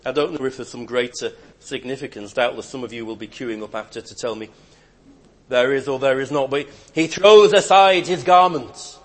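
A man preaching a sermon, swinging between loud emphatic declarations and quiet, hushed asides. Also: medium pitch, steady tone, fairly quick.

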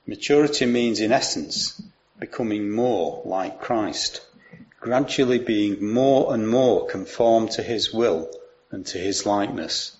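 A man preaching a sermon, explaining and reading scripture aloud in a measured way. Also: fairly low pitch, expressive, highs cut off.

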